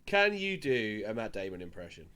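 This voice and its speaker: A man's voice: on the low side, sing-song, normal speed, sharp tone, smooth. Man laughing through a podcast recap. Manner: laughs often while recapping. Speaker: podcast co-host. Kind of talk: casual chat.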